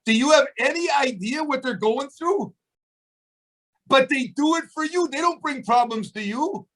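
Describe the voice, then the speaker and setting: A man's voice: extremely high pitch, expressive, unhurried, a bit bright, rough recording. A man in his seventies giving a fired-up motivational speech to a sales team on a video call, preachy and emphatic, full of rhetorical questions. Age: 70s.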